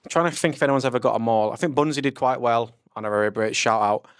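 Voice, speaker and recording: A young man with a Nottingham English accent hosts a casual podcast and quizzes his guest on slang. His delivery is chatty and teasing, with a mid-range pitch. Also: quick pace, clean tone. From England. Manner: chatty and teasing, animated quiz-master delivery. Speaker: podcast host.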